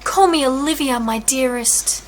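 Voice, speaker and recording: A woman voicing a lovestruck young noblewoman who speaks with high emotion. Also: unhurried, a little hiss or hum. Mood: adoring.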